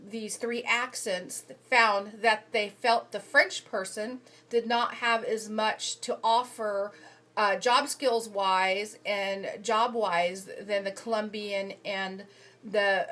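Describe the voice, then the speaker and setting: A woman with a mid-range voice sums up articles she has read in loose, unscripted talk. She pauses often on ums and restarts her sentences. It sounds like a casual phone recording. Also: medium pitch, fairly bright tone. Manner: hesitant, frequent ums and restarts. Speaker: human resources student reviewing journal articles. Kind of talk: casual spoken summary of readings. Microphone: phone camera.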